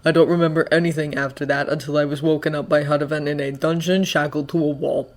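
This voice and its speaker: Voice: little pitch movement, fast talker, natural voice. Reader doing a grim, muttering vigilante. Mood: grave. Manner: low, subdued, muttering. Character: grim male vigilante bearing bad news.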